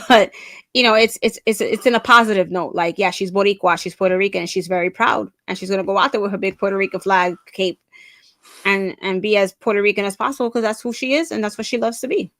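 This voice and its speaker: A woman's voice: mid-range voice, fairly even intonation, a little fast, a bit bright, no echo, studio quality. A woman co-hosting a casual podcast chat, chatty and laughing often. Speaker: co-host.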